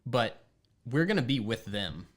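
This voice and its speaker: A man co-hosting a casual podcast chat, calm and mostly answering with brief listener remarks. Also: medium pitch, a little slow. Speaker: podcast co-host.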